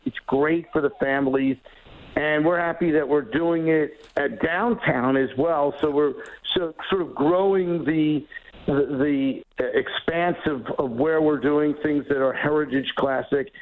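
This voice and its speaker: A man with a slightly high voice talks up a coming event in an upbeat, rambling way, full of fillers and restarts. His voice comes through a thin, tinny phone line. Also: moderate pace. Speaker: guest executive. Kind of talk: phone interview.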